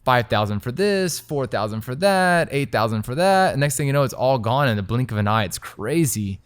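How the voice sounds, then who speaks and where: A young man, telling his story as a restaurant owner in a lively, casual interview, filling his talk with "like". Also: medium pitch, clean tone, dry recording. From Texas. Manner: animated, quick storytelling full of "like". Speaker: restaurant owner and chef, guest.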